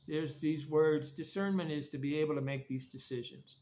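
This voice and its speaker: A man's voice: a little high, steady tone, moderate pace, warm tone. A man giving a blunt, rambling, preachy monologue about recovery and trauma. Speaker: vlogger. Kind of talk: casual monologue. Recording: faint background noise.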